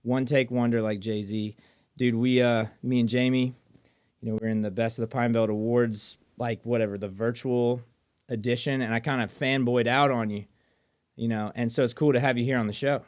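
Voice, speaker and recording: A man from southern Mississippi hosting a podcast in casual chat, eager and excitable, often restarting his sentences. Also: mid-range voice, normal speed, smooth. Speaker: podcast host.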